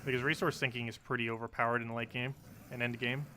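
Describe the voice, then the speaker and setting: A man in his twenties from New Jersey, talking fast and casually as he streams a game. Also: mid-range voice, level tone, sharp tone, slight background noise. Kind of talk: casual live-stream commentary.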